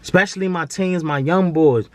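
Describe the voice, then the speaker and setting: This man's voice is a little high with a darkish tone, at normal speed, captured in a dry recording. He's a vlogger from Baltimore in his 20s, speaking to camera in a casual, heartfelt monologue that's earnest, preachy, slangy and repetitive.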